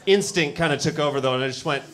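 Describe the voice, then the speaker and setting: A man's voice: fairly high pitch, fast. A man in his thirties doing a casual stand-up set on a comedy club stage with a handheld mic, talking in a laid-back, rambling way. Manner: laid-back, conversational, lots of "like" and "you know". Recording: noisy live club recording. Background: audience laughter and club ambience.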